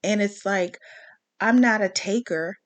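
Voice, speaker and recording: A woman talks straight to her viewers in a loose, ranting monologue, stopping often to check in with an "okay?" or a "you know?". Her pitch sits in the middle range for a woman, and her delivery is plain and conversational. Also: unhurried. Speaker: commentary channel host.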